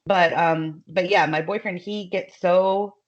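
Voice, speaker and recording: A woman with a light Southern American accent talks in a loose, chatty way, laughing often and leaning on fillers. Her voice sits a little low. The recording is dull and lo-fi. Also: steady tone, a little slow. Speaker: guest author. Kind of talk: casual podcast chat.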